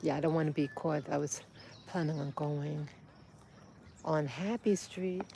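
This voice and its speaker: Walking outdoors on a street, a woman vlogs casually, rambling and emotional as she talks to her little boy. Her voice is low and mellow, with fairly even intonation and a measured pace, over slight background noise.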